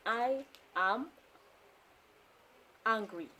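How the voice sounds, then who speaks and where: Slow, deliberate woman teaching phrases. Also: fairly high pitch, sharp tone, a little hiss or hum, low-quality recording. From Kenya. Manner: repeats each phrase slowly and deliberately. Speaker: language teacher. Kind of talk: slow beginner language lesson. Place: indoors during heavy rain. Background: rain.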